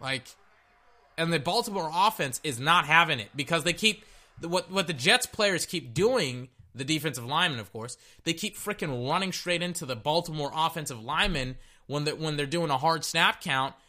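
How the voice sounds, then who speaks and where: A man's voice: a little high, expressive, normal speed, pushed and bright. A man hosting a podcast, reacting to a game in a blunt, profane, repetitive rant. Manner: blunt, profane, repeats himself. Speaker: podcast host. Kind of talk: casual sports reaction rant.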